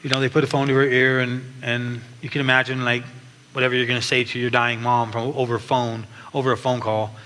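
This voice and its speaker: Long reverb from a large church hall surrounds a man's earnest testimony, with faint background noise underneath. His voice is medium-pitched, level, brisk, bright, and forceful, and he restarts often while telling his story.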